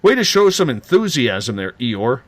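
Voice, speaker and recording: Lively, ranting radio host man. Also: mid-range voice, measured pace. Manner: animated, teasing, ranting. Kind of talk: late-night radio talk.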